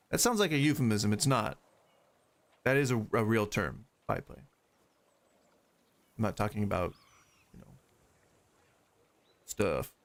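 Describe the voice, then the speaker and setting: This time the Southern gaming streamer uses a lowish, unhurried voice with lively intonation, a light twang and long pauses. Chatting on a live stream, he rambles into a desk microphone with wry tangents.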